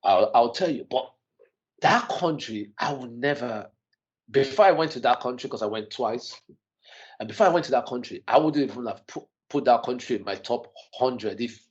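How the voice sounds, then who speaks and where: Guy on a podcast telling a story, lots of restarts, voice jumps high when he's shocked, kinda dull lo-fi sound. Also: normal speed. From Nigeria and the UK. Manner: animated, restarts often, voice rises when shocked. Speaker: podcast guest. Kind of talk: casual storytelling.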